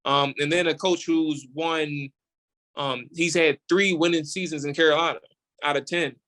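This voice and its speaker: Animated male sports podcaster. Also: fairly high pitch, normal speed. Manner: animated and opinionated, repeats words while building a point. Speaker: podcast host, guest on the show. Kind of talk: casual sports radio talk.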